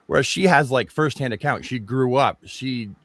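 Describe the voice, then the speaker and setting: A man's voice: mid-range voice, moderate pace, a bit bright, no echo. A man co-hosting a podcast, chatting casually and rambling through his take on a movie trailer. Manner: rambling, many restarts and fillers. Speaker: podcast co-host. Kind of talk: casual chat reviewing a trailer.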